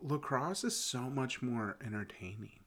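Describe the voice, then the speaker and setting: A man's voice: medium pitch, animated, unhurried, a bit bright. A man co-hosting a casual podcast, joking and arguing playfully, often starting with "listen" and "like". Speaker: podcast co-host. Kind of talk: casual chat.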